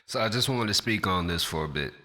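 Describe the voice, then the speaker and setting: A man's voice: low voice, animated, fast talker, bright, forceful tone, in a large hall. A man who raps, speaking straight to camera in a passionate, blunt and profane rant in his natural everyday voice. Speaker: rapper.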